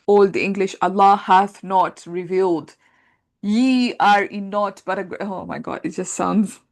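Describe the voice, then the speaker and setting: A woman teaching an Arabic grammar class, talking through translations in a relaxed conversational way with many fillers. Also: medium pitch, creaky. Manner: explains patiently, thinks aloud with many fillers; reads translations aloud and compares them.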